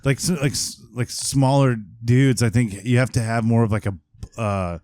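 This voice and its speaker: A man's voice: mid-range voice, moderate pace, a little mellow, dry recording. A man who is a guest on a podcast, talking casually and hesitantly, with many fillers. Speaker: podcast guest, co-host of a restaurant podcast.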